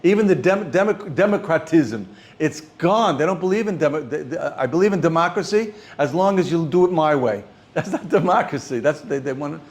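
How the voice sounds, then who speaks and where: An older man, teaching an informal class as a rabbi, halting and repeating words as he speaks. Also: a little high. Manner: halting, repeats words often, animated when stressing points. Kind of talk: informal Torah class talk.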